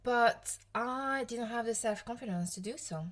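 Speaking unhurriedly in a voice on the high side, a woman in her thirties from Provence, France, hosts her own casual podcast as a coach. Her French accent comes through as she chats in a self-deprecating way, laughing frequently.

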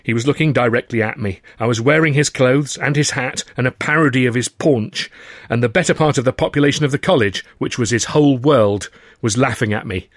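Man reading his own novel, dry wry delivery, mid pitch, dead studio sound. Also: brisk, no room sound. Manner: dry, wry storytelling with acted dialogue. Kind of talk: audiobook narration.

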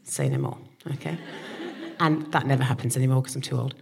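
A woman in her forties, a comedian co-host, telling comic stories on a live stage, animated and swearing. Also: very deep voice, a little fast, creaky. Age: 40s. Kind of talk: comic storytelling.

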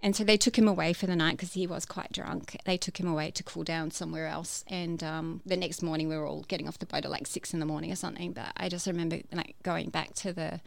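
A woman's voice: on the low side, steady tone, fast, vocal fry, few pauses, no echo. A woman telling her personal story as a guest, hesitant, with many fillers and restarts. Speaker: podcast guest.

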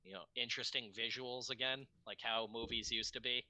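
A man's voice: medium pitch, little pitch movement, fairly quick, bright, forceful tone, dry recording. A man co-hosting a podcast in casual chat, crude and wisecracking. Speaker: podcast co-host.

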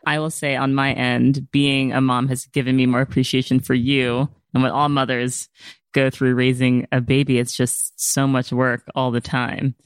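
A new mother hosting a podcast, talking in a relaxed, conversational way with her own mother. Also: very deep voice, normal speed, clear, resonant tone, dry recording. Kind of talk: casual podcast talk. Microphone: podcast microphone.

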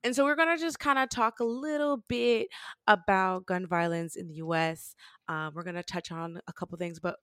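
A woman's voice: fairly low pitch, normal speed, fairly bright tone, smooth, dry recording, clean studio sound. A woman hosting a podcast in a casual, upbeat way, often restarting her sentences. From Canada. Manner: upbeat and chatty, with frequent restarts. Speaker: podcast host.

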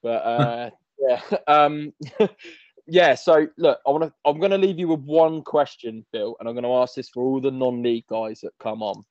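A man's voice: mid-range voice, moderate pace, darkish tone, dry recording, dull audio. A man hosting a podcast, chatting casually with matey banter. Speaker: podcast host. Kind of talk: casual chat.

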